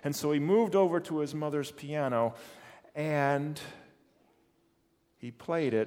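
A man preaching to a church congregation, telling a story with measured, dramatic pacing. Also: a little high, a little mellow, long reverb tail. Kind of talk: sermon storytelling.

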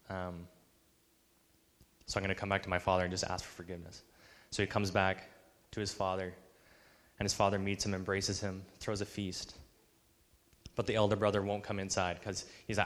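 A man's voice: on the low side, flat delivery, fairly quick, a bit bright, in a large hall. A man preaching a sermon, earnest, acting out the voices of the people he quotes. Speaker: pastor.

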